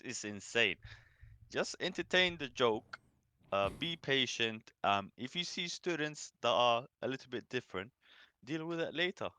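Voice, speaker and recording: A young man, giving his views calmly in a casual podcast chat. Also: medium pitch, clear, resonant tone, no room sound. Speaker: podcast co-host.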